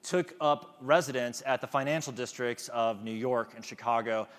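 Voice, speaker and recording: A man's voice: mid-range voice, moderate pace, fairly bright tone, long reverb tail. A man giving a motivational talk to an audience, engaging them with questions. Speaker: conference speaker.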